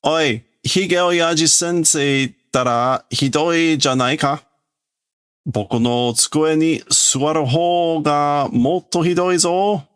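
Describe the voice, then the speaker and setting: A man putting on shrill, rowdy schoolboys. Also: slow pace, fairly bright tone, smooth. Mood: indignant. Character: rowdy young schoolboys shouting in class.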